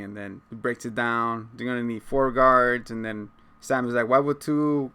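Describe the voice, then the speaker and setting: A man's voice: medium pitch, fairly even intonation, moderate pace, few pauses, fairly bright tone, smooth. A man co-hosting a casual recap chat, retelling scenes by acting out the characters' lines and laughing often. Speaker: podcast co-host.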